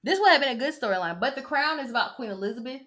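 A woman's voice: high-pitched, animated, racing, a bit bright. A woman hosting a podcast in a casual, sassy style, chatting and mocking as she reads an article aloud. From United States. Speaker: podcast host.

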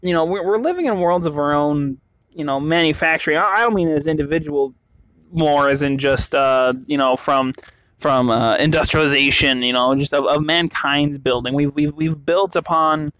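A man's voice: on the high side, normal speed, a bit bright, no room sound. A young man from the western US talking casually on his own, rambling with many restarts and fillers. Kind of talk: casual monologue.

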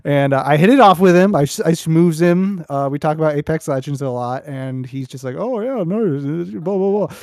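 A man's voice: on the high side, fairly even intonation, fairly quick, few pauses, darkish tone, clear, resonant tone, dry recording, clean studio sound. A young man, a podcast host, chatting casually and telling a story with lots of restarts. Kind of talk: casual chat.

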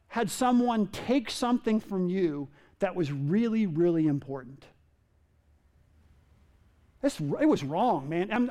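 A male pastor delivering a sermon to a room of listeners. His voice sits very high for a man, and he is animated, acting out quoted lines with sudden leaps in pitch. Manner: animated, acts out quotes with big pitch jumps.

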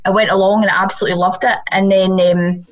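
A woman's voice: medium pitch, flat delivery, fast talker. A Scottish woman, a radio presenter, chatting casually as a guest, giggly and prone to slipping into put-on voices. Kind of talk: casual chat.

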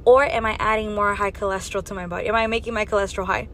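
A woman's voice: medium pitch, steady tone, rapid-fire, a bit bright, a little hiss or hum. A woman giving an earnest faith and health talk, exhorting her listeners with strings of rhetorical questions. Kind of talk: preaching monologue.

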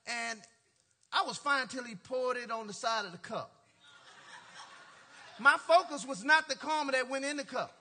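Preacher guy w a really high bright voice, super animated, laughing his way thru a sermon story, says y'all n ain't. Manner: animated, laughing, playful asides to the congregation; colloquial, drawling "y'all" and "ain't". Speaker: pastor.

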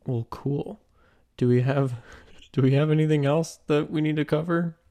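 A man's voice: on the high side, fairly even intonation, normal speed, warm tone. A young man co-hosting a podcast in casual chat, teasing and loose. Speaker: podcast co-host.

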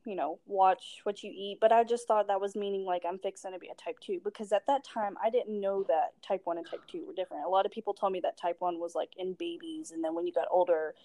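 A woman's voice: on the low side, fairly even intonation, fast, hardly any pauses, warm tone, dry recording, rough recording. A young woman from Tennessee with a Southern American accent, chatting easily and folksily as a podcast co-host. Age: young adult. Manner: easygoing, folksy, laughs readily. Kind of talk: casual chat.

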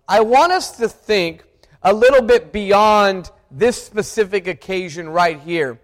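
A man's voice: high voice, normal speed. A man preaching a sermon as pastor, earnest and reflective, often restarting and repeating words. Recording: long hall reverb.

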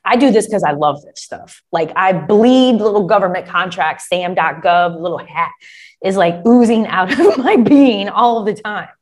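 Woman, contracting coach, lively and talkative, casual y'all delivery. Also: mid-range voice, unhurried. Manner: animated, chatty, addresses listeners as y'all. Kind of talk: coaching talk to an audience. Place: Michigan.

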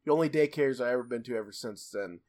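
A man's voice: medium pitch, fast talker, darkish tone. Rambling young man telling a story. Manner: rambling, many restarts and fillers, laughs a lot. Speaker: podcast co-host telling a story. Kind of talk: casual storytelling chat.

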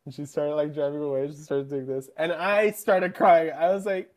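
A young male podcast co-host chats casually in a voice a little high, delivered flatly at normal speed. He's chatty and giggly, often laughing mid-sentence.

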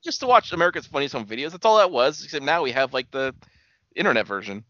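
A laid-back, agreeable man co-hosts a casual wrestling podcast, chatting through a recap. His medium-pitched voice is sing-song, pushed and bright, and he talks fast. The recording is dry and lo-fi.

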